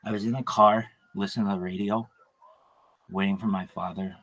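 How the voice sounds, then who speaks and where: A man's voice: low-pitched, steady tone, fairly quick, a bit bright. A man talking on a livestream in a rambling, joking, crude monologue full of asides.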